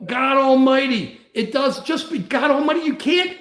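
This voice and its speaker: A man's voice: very high voice, animated, normal speed, a bit bright, roomy sound. An older man hosting a political livestream, blunt and ranting, greeting viewers between points. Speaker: livestream host.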